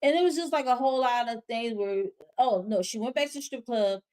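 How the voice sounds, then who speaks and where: A woman's voice: fairly high pitch, a little fast, darkish tone. A woman hosting a casual review of a TV show, recapping scenes in a chatty, slangy way with frank, exasperated asides. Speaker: host.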